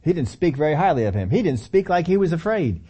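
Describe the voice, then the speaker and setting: A man's voice: on the high side, very animated, fast talker, warm tone, breathy edge. A middle-aged male pastor preaching a sermon, telling the story animatedly with acted-out quotes and chuckles.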